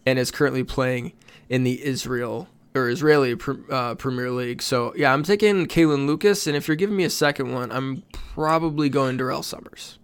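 A man with a smooth, resonant voice chats on a sports podcast. He stays matter-of-fact and a little dry, passing along facts in an easy conversational tone. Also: mid-range voice, normal speed. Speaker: podcast co-host. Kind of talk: casual sports podcast chat.

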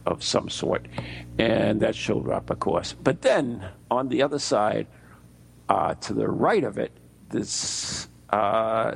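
An American man co-hosting a radio show, telling a story in a rambling, halting way with many fillers. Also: on the low side, vocal fry, breathy edge. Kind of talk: casual radio banter.

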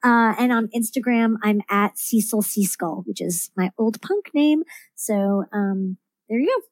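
Woman, podcast guest, rambling, many fillers, mid pitch, dry close sound. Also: expressive, measured pace, no room sound. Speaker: comics writer, podcast guest. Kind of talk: casual interview chat.

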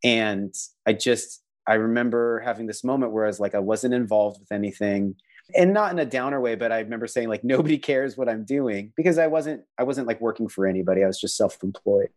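A man with a lowish voice speaks a little fast. He's a visual artist giving conversational interview answers about his work and faith, earnest and reflective, full of fillers and restarts.

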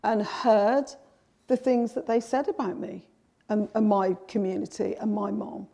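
A woman's voice: mid-range voice, fairly even intonation, unhurried, vocal fry, dark tone. A middle-aged woman author in an interview, telling her childhood memories in a reflective way with many restarts. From England. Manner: reflective storytelling with frequent restarts. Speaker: author, guest. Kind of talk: conversational interview.

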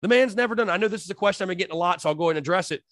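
A man hosting a solo sports podcast, talking straight to his listeners in an animated, hype-filled way. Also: sits high, rapid-fire, no room sound, clean studio sound. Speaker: podcast host.

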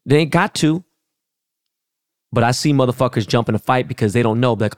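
This Los Angeles, California podcast host, a middle-aged man, delivers a heated, foul-mouthed casual rant with blunt force. He talks fairly quickly in a mid-range voice. The recording is studio quality, with no room sound.

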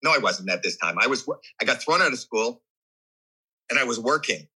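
Candidly telling a story as an interview guest, a man in his sixties acts out voices and reactions with animation, frequently restarting and repeating words. His mid-range voice is husky and brisk, and the recording is rough.

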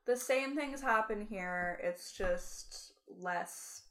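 A woman's voice: medium pitch, extremely slow, a bit bright. A young Canadian woman co-hosting a podcast in casual chat, blunt and snarky. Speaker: podcast co-host.

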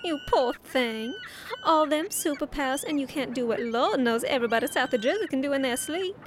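A woman's voice: sits high, expressive, brisk, slight background noise. An Irish woman putting on a folksy Southern accent, drawling and calling people darling and sugar. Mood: teasing. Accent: American Southern, put on. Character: folksy Southern woman under a fake name.

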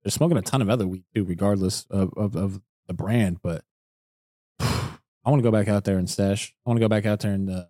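A man's voice: lowish voice, fairly quick, warm tone, dry recording, studio quality. A young man in casual, slangy podcast chat, laid-back and laughing often. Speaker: podcast co-host.

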